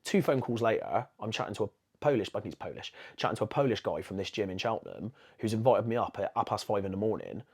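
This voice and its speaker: An English man telling lively stories in casual podcast chat. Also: lowish voice, quick pace, creaky, slightly rough. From England. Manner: animated storyteller, laughs mid-story. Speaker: podcast guest.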